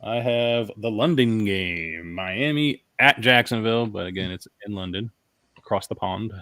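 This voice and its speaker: A man's voice: on the low side, unhurried, sharp tone, no echo. A man co-hosting a casual sports podcast, talking in a hesitant way full of fillers. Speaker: podcast co-host.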